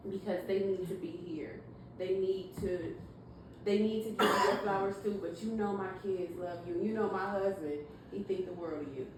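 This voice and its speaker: A woman giving a heartfelt, halting tribute to her grandmother at a family party. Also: medium pitch. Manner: emotional, halting, earnest. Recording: echoey room, mic far off, noisy.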